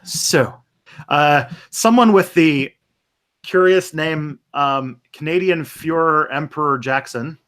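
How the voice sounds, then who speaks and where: A man's voice: on the high side, slow pace, a bit bright. Easygoing man hosting a live stream. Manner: easygoing, makes it up as he goes. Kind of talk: casual live-stream chat.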